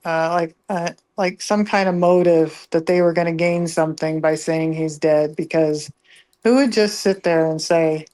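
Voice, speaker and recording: A woman's voice: low voice, fairly even intonation, normal speed, darkish tone. Rambling woman recalling family memories. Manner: rambling, with many fillers and restarts. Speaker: relative of the voice actor, interview guest. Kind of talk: casual remote interview chat.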